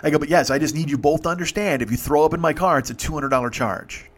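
A man's voice: fairly high pitch, quick pace. A man, a rideshare driver, casually telling stories and acting out dialogue, swearing freely. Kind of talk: casual storytelling monologue.

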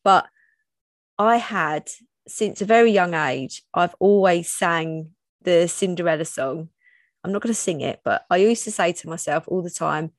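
A woman's voice: fairly low pitch, a little slow, no room sound, studio quality. A woman in her thirties hosting her own podcast, talking openly and personally with frequent restarts. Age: 30s. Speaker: podcast host. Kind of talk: solo podcast monologue.

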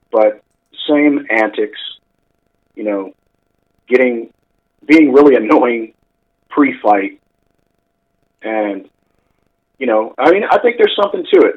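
A man's voice: medium pitch, lo-fi sound. A man co-hosting a casual chat show, talking in a rambling way with lots of fillers. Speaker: podcast co-host.

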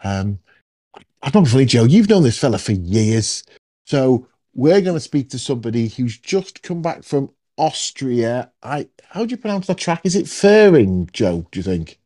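A man's voice: medium pitch, big pitch swings, moderate pace, dark tone. A man hosting a podcast, chatting casually and jokily with plenty of ums. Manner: chatty, jokey, lots of ums. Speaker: podcast host. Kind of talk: casual chat.

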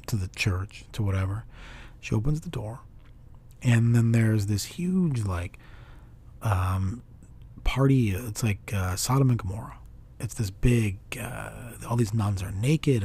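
A man casually reviewing a film in a rambling monologue, full of restarts and animated retelling. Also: lowish voice, husky.

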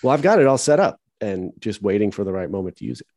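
A man's voice: on the low side, big pitch swings, fast, darkish tone, dry recording. A man co-hosting a podcast in casual chat with dry, wry humor. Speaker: podcast co-host.

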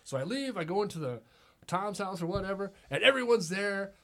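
A middle-aged man tells a long, rambling story on a podcast, chuckling as he goes. His voice sits a little high. He keeps dropping "it's like" between lines. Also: animated, fairly quick, pushed and bright. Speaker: podcast host. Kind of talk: casual storytelling chat.

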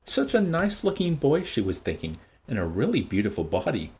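A man reads a novel aloud as host of the show. His voice rises and falls in lively, animated swings, at a middle pitch, and he leans into the narration. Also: brisk. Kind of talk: reading fiction aloud.

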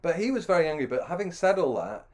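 A man's voice: a little high, big pitch swings, fast. A middle-aged man telling a long, self-deprecating anecdote with many restarts. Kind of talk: anecdotal storytelling.

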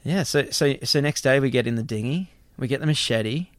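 A man's voice: medium pitch, brisk, no room sound. A young man hosting a podcast, telling a travel story in a rambling way and often repeating words. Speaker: podcast host. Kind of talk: casual storytelling chat.

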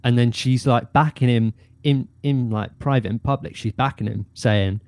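A man, a guest actor chatting casually, animated and often laughing. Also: mid-range voice, moderate pace, no echo. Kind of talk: casual chat.

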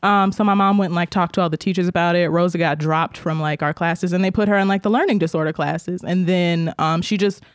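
A woman podcast co-host chatting casually, telling animated stories, acting out the voices of the people she quotes and laughing often. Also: on the low side, a little fast, few pauses, smooth, no room sound, clean studio sound. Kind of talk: casual chat.

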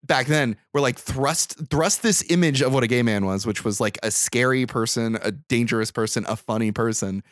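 A man's voice: medium pitch, moderate pace, hardly any pauses, no room sound, studio quality. A young man co-hosting a podcast, thinking aloud about a film in a casual, hesitant way, often repeating words as he searches for them. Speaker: podcast co-host. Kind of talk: casual movie discussion.

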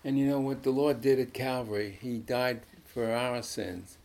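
Gravelly older man telling his testimony. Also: medium pitch, steady tone, a little mellow. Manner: folksy, halting storytelling with restarts. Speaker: pastor. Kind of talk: casual testimony on a Christian talk show.

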